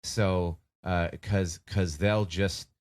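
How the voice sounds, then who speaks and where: A man voicing a bitter young male necromancer who grumbles in a halting, resentful way. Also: sits low, steady tone, a little mellow.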